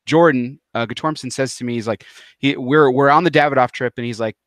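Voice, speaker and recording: A man's voice: mid-range voice, steady tone, quick pace, a bit bright, no room sound, clean studio sound. A man hosting a podcast, chatting casually about cigars with a rambling, restarting manner. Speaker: podcast host. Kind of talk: casual chat.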